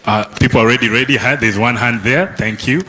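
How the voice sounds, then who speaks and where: A man's voice: mid-range voice, steady tone, fast, pushed and bright. A man facilitating a youth summit session, teasing the audience and tagging questions with "eh?" and "okay?". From Kenya. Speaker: workshop facilitator. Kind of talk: lively audience interaction at a summit. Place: conference hall.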